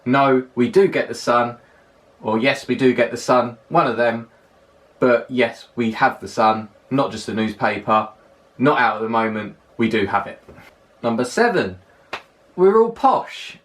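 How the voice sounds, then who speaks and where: A man's voice: mid-range voice, measured pace, a bit bright. A young man from London with a well-spoken London accent, chatting to camera in a casual countdown list, emphatic and repeating words for stress. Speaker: vlogger. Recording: voice a little distant from the mic.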